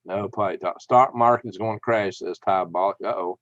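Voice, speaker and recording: A man's voice: low-pitched, fairly quick, fairly bright tone, no echo, highs cut off. A man hosting a live stream, telling rambling anecdotes and reading chat with chuckles. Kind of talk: casual storytelling and reading chat.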